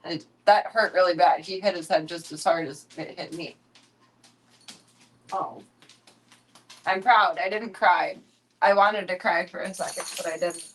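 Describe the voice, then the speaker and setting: A woman's voice: on the low side, fairly even intonation, a little slow, long pauses, a little hiss or hum. A young woman streaming from home, chatting casually, swearing freely, and cooing baby talk at her pets. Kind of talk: casual live-stream chat.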